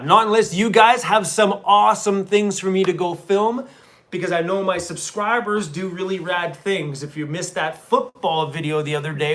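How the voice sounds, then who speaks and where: A van-life YouTuber hosts a casual live stream from a hotel room, sitting on a small chair, chatting with viewers and reading their comments in a laid-back, chummy way. His voice is on the high side and a bit bright.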